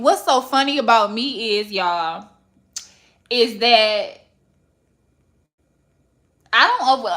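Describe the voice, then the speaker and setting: A young woman, a podcast host talking in blunt, profane, animated casual chat. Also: mid-range voice.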